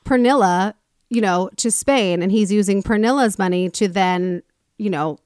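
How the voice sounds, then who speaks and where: Woman telling a story on a podcast, lively, acts out the people in it, no room sound at all. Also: mid-range voice, normal speed, clean tone, no echo, clean studio sound. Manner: animated retelling, acts out quoted people with swearing. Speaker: podcast host. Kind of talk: casual storytelling chat.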